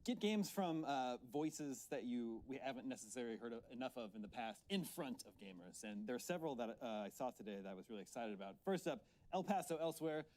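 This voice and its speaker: A man's voice: mid-range voice, lively intonation, fast talker, hardly any pauses, darkish tone. A man who is a veteran of the games industry, chatting enthusiastically on a panel. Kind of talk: casual panel chat.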